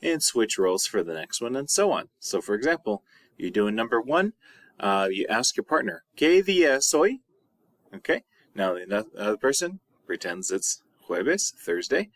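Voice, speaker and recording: A high school Spanish teacher records a video lesson, patiently repeating words slowly. His voice is a bit bright, with no room sound.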